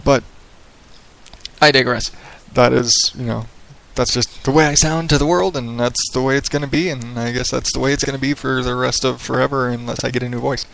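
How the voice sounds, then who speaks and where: Gravelly man rambling on his podcast. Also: medium pitch, steady tone, brisk, a bit bright, low-quality recording. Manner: rambling, profane, laid-back radio-style delivery. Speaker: podcast host. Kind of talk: casual solo podcast monologue. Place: small echoey home office with hardwood floors. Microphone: headset microphone.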